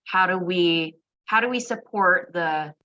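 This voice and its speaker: A woman's voice: on the low side, measured pace, sharp tone, lo-fi sound. A woman speaking as a candidate in an online meeting, upbeat and reflective, with many fillers. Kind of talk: virtual meeting speech.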